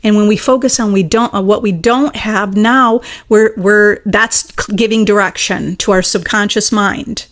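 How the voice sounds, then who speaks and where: A woman's voice: mid-range voice, fairly even intonation, unhurried, few pauses, a bit bright. A woman teaching as a manifestation coach in a casual monologue, earnest and emphatic, repeating her key points and answering viewer questions.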